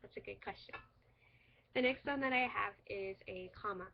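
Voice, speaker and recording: A young woman gives a recorded English lesson on punctuation, explaining each example in a clear, patient way and laughing lightly now and then. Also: mid-range voice, normal speed, lo-fi sound, a little hiss or hum. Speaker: English teacher applicant. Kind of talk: recorded teaching demo.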